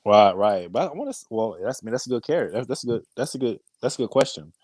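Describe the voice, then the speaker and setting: A man co-hosting a podcast in casual chat, animated and slangy, with lots of hesitant restarts. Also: medium pitch, quick pace, poor audio. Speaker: podcast co-host.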